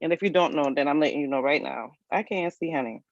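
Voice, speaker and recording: A woman's voice: deep voice, fast talker, no echo, highs cut off. A woman, hosting a live resume review in a casual, folksy, chatty way and talking straight to her viewers. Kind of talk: casual livestream chat.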